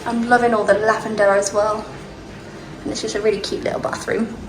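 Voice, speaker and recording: A woman's voice: medium pitch, little pitch movement, fairly quick, background noise. A young woman chatting casually and laughing often as she films a travel vlog on a handheld phone, walking around outdoors and inside a hotel room. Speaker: travel vlogger. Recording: music playing under the voice.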